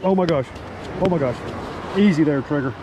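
A man, a fishing vlogger who talks excitedly and exclaims a lot while surf fishing outdoors. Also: a little high, brisk. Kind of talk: excited outdoor vlog commentary. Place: outdoors on an ocean beach, surf behind. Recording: outdoor recording with loud surf noise.

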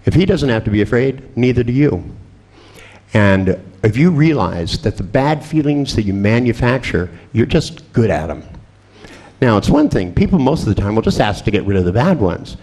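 A man's voice: medium pitch, sing-song, normal speed, darkish tone. A man giving a seminar talk as a hypnotist, telling anecdotes with wry, boastful humor and frequent chuckles. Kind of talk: anecdotal storytelling lecture.

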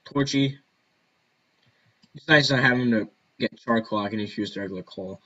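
A man's voice: medium pitch, moderate pace, a bit bright, husky, muffled recording. A man giving casual gameplay commentary, rambling and joking to himself. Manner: rambling, jokey self-talk. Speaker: gaming video host.

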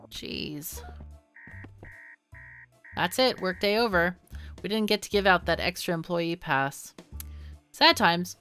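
A woman's voice: lowish voice, lively intonation, takes it slowly, pauses often, sharp tone, soft background music. A woman hosting a let's play, chatting and thinking aloud while she plays, with frequent laughs. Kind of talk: gameplay commentary.

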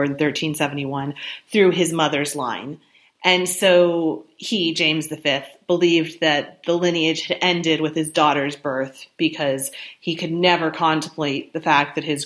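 Chatty woman telling history, lowish voice. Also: fairly bright tone. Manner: chatty, sympathetic storytelling with ums and self-corrections. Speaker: history podcast host. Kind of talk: conversational history narration.

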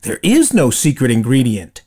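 A man putting on a fatherly older male noodle cook, gentle and encouraging, his husky voice lifting up high at times. He speaks slowly, as in a bedtime storybook. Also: wildly swooping pitch, full character voice.

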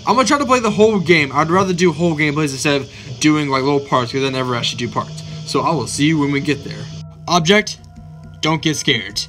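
Guy doing horror game commentary, kinda high voice, bright and punchy, swears nonstop, freaks out at jumpscares. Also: quick pace, faint music behind. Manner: excitable, swears constantly, yelps when startled. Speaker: gaming channel host. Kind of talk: let's play commentary.

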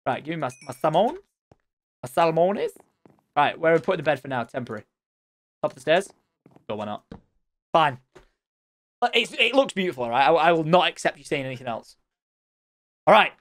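A man's voice: on the high side, very animated, a little fast, long pauses, fairly bright tone. A man giving casual, chatty gameplay commentary, talking straight to his viewers and teasing them playfully. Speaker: let's play gamer.

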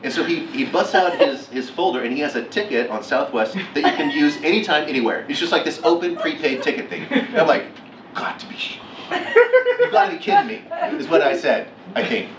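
A middle-aged man giving a keynote talk, telling a story with lively acted-out quotes. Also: a little high, fairly quick, a little hiss or hum. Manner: animated, acts out quotes with laughs. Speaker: keynote speaker. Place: lecture hall. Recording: echoey hall from far off.

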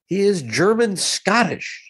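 A man's voice: high voice, sing-song, slow, fairly bright tone, husky, no echo. A man co-hosting a casual comedy podcast, rambling in a wry, self-deprecating way, with an American accent. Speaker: podcast co-host.

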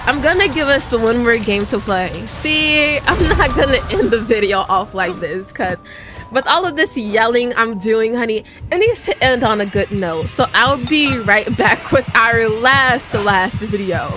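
Game music plays as a woman YouTuber, her voice on the high side with lively intonation, chats about the game at a moderate pace. She speaks directly to her watchers and erupts now and then in exaggerated, dramatic outrage.

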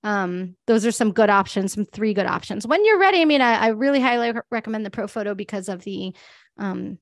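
A woman's voice: medium pitch, lively intonation, brisk, no echo, studio quality. A woman pet photographer giving a casual presentation, chatty and full of fillers, laughing often. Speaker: guest speaker, pet photographer.

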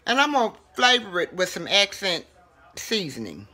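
A woman's voice: medium pitch, very animated, moderate pace, pushed and bright. A woman, chatting casually as she demonstrates home cooking. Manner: chatty, folksy, talks while working with food.

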